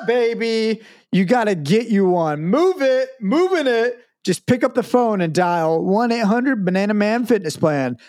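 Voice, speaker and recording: A man voicing a hyped-up male fitness infomercial pitchman, whooping and selling in overexcited patter. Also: a little mellow.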